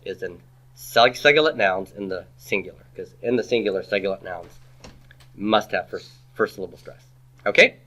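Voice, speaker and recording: A man's voice: lowish voice, moderate pace, pushed and bright. A man teaching a classroom grammar lecture, quizzing his students with rhetorical questions and dropping playful asides.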